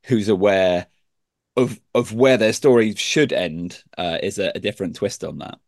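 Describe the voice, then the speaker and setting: A man in a casual book discussion who speaks haltingly, with many restarts. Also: on the low side, no echo, studio quality. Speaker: podcast co-host.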